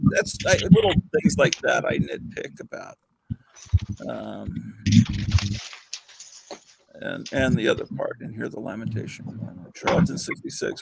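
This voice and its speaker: A man's voice: a little high, vocal fry, slightly rough, low-quality recording. An older man hosting a casual chat, rambling with fillers and chuckles. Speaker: host.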